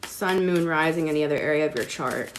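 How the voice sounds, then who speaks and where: A woman's voice: deep voice, a little fast, slight background noise. A woman giving a casual livestream tarot reading, chatting with viewers and using lots of "like". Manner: chatty, talks to viewers, many "like"s.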